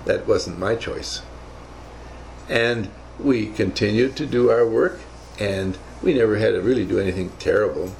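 A man's voice: lowish voice, normal speed, creaky, darkish tone, a little hiss or hum, poor audio. An older man telling rambling, emphatic stories from his navy days in a motivational talk. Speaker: speaker recounting navy service.

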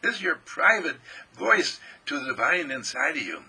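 Husky, gravelly-voiced animated male minister. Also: normal speed, poor audio. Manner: animated, acts out joyful inner voice in high excited tones. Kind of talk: recorded inspirational sermon.

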